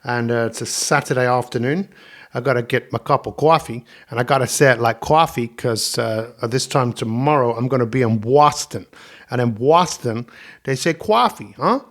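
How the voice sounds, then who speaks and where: A man hosting his own motivational podcast about coaching, talking alone in an energetic, upbeat way and repeating catchphrases. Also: medium pitch, moderate pace. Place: indoors at home, coffee in front of him.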